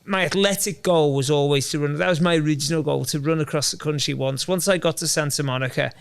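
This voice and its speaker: A man's voice: fairly high pitch, steady tone, quick pace, vocal fry, clean tone. A man, a guest telling his story in a chatty, rambling way with self-deprecating humor. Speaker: guest, endurance runner. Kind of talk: casual interview chat.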